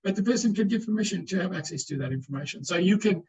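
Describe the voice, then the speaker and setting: Animated and quick, this high-voiced man has a darkish tone and answers questions earnestly on a webinar panel, frequently restarting and repeating words. The video-call audio is poor.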